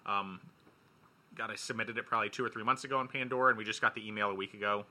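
A male podcast host with a somewhat low pitch and a very bright, crisp tone. He speaks casually into a studio mic, teasing his co-hosts with a laid-back, joking manner. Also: steady tone, very fast. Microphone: studio mic with spit guard.

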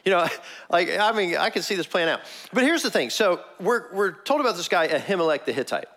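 A man preaching a sermon, telling the story with animated energy and frequent laughs. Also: high voice, fairly quick. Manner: animated storytelling, laughs often, acts out quotes. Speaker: pastor.

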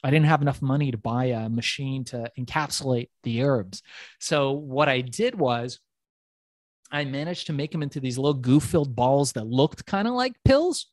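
A middle-aged man telling his story as an interview guest, animated and acting out dialogue, swearing freely. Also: mid-range voice, moderate pace, no echo.

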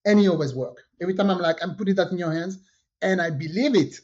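Woman telling a lively story. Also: lowish voice, fast talker, husky. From French Caribbean. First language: French. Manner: lively storyteller who acts out quoted dialogue. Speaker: podcast co-host. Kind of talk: casual storytelling chat. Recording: dull lo-fi podcast audio.

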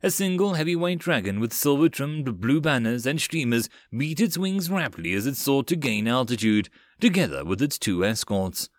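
A man reading a web novel audiobook in a steady storytelling manner. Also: mid-range voice, moderate pace, hardly any pauses, no room sound, clean studio sound. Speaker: audiobook narrator. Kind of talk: scripted narration.

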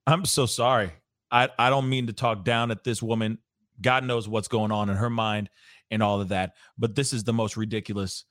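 A man's voice: lowish voice, no room sound, studio quality. A man hosting his own commentary show, reacting with lots of laughter and repeating phrases. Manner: laughs hard and often, animated, repeats phrases. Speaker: show host. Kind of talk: casual commentary on a news clip.

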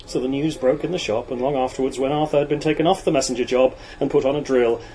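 A man narrating a novel in a measured, even storytelling voice. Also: mid-range voice, slight background noise, poor audio. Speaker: audiobook narrator. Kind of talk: reading a novel aloud.

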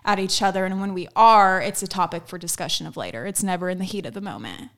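A woman's voice: lowish voice, quick pace, fairly bright tone. A young woman, telling upbeat stories in a casual chat about working with her mother. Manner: upbeat storytelling with small laughs. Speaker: salon colorist, guest.

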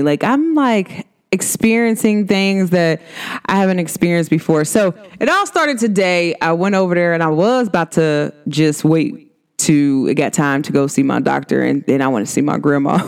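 Lively chatty woman vlogger. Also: fairly low pitch, normal speed, smooth. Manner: animated, laughs often, chatty and playful. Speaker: vlog host. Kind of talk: casual chat vlog.

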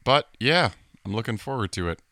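A man's voice: medium pitch, lively intonation, a little fast, bright, forceful tone, no room sound, studio quality. A young man co-hosting a casual film podcast in a laid-back, easygoing way. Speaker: podcast co-host.

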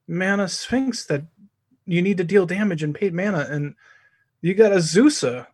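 A man's voice: high voice, normal speed, darkish tone, breathy edge, dry recording. A man co-hosting a podcast in casual chat, wry and teasing. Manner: wry, teasing, laid-back. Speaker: podcast co-host.

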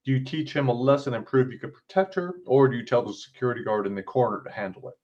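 A man's voice: mid-range voice, expressive, fast talker, darkish tone, highs cut off. A man, author and podcast host, reading his interactive story aloud with blunt, casual asides and free swearing.

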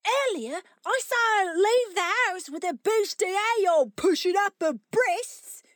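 A woman's voice: animated, slow pace, no room sound, clean studio sound, full character voice. A woman voicing a poor, dramatic young boy with a Cockney-ish accent, wailing his complaints. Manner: wailing, high-pitched complaining.

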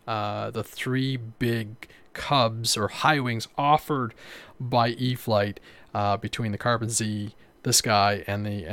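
A man's voice: medium pitch, no room sound. Man, livestream host, casual rambling chat, lots of fillers and restarts, close dry sound.

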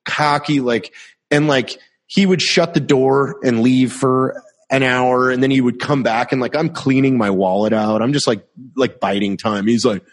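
A man's voice: medium pitch, steady tone, moderate pace. A man telling a military anecdote in casual chat, profane and exasperated.

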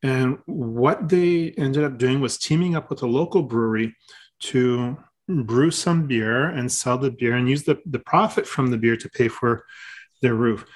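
A man co-hosting a casual podcast, talking in a relaxed, halting way with many restarts. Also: mid-range voice. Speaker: podcast co-host.

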